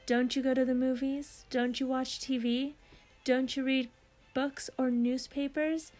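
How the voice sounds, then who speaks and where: A woman reading aloud as a cocky, excitable cartoon duck, with loud, raised exclamations. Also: high-pitched, unhurried, faint music behind. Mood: excited.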